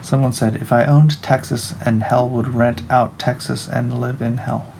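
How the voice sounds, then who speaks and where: Man, mid-pitch, gravelly, unhurried, wry artist reading stream chat aloud at a desk mic. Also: little pitch movement, darkish tone, slight background noise, rough recording. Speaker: artist live-streaming while drawing. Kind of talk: casual live-stream chat.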